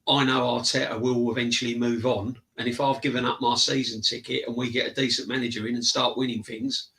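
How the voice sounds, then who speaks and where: A man speaking earnestly in casual chat over a video call, often saying things twice to drive them home. His voice is bright and sharp at a middling pitch. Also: little pitch movement, fairly quick, low-quality recording. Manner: earnest, repeats himself for emphasis. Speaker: season ticket holder guest.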